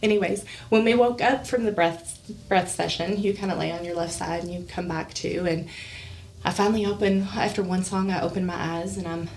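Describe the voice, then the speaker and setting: A woman's voice: fairly low pitch, brisk. A woman guest on a podcast, telling a personal story in a casual way. She acts out the lines of other people, laughs often and gets a little emotional. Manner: animated, acts out quoted dialogue, laughs often; emotional, close to tears at times. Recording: voice a bit far from the mic, faint hiss.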